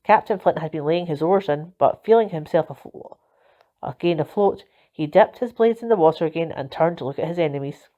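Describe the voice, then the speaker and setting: A woman narrating a children's storybook in a steady, expressive reading voice. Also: low-pitched, fairly quick. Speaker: volunteer reader. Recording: dull lo-fi recording.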